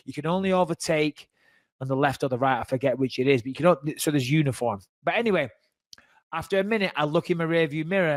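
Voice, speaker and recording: Man, middle-aged, podcast host, casual storytelling, animated, higher-pitched, dry studio sound. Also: no echo. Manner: animated, swears freely, acts out voices in anecdotes.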